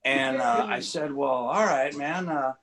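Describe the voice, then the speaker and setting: A man in his sixties telling comic stories over a video call, rambling and halting with lots of fillers and dry, self-mocking punchlines. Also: mid-range voice, a bit bright. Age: 60s. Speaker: comedian guest. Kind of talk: stand-up storytelling.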